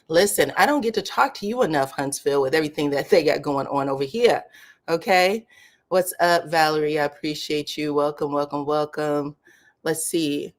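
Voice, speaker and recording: A woman hosting a casual live stream, her voice sitting low but leaping up when she calls out to viewers. She chats loosely and repeats her welcomes in a friendly, drawn-out way. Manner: lively, greets viewers by city, drawn-out welcomes. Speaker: host of a live commentary stream.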